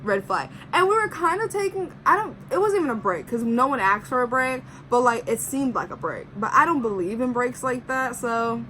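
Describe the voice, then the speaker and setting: A woman's voice: sits high, pushed and bright, a little hiss or hum, rough recording. A young woman vlogger chatting through a personal story, full of "like" and acting out what people said. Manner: chatty, heavy use of "like", acts out quotes. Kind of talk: casual storytime.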